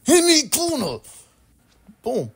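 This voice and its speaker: A man's voice: extremely high pitch, huge pitch swings, slow, gravelly. A young man commenting on his basketball video game, trash-talking teammates, swearing and repeating himself. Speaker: gaming streamer. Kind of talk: casual gameplay commentary.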